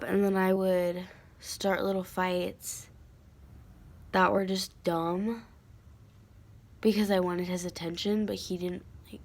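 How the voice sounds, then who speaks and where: Teenage girl, vlogger, gravelly voice, rambling heartfelt home chat, lots of fillers. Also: medium pitch. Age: teens. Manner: rambling, emotional, many fillers and restarts. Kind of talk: casual confessional chat to camera.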